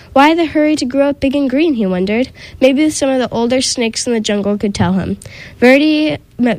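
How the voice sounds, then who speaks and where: On a community radio show, a woman with a slightly high voice reads a children's picture book aloud. Her delivery is gentle, with small slips and restarts, and the recording quality is rough.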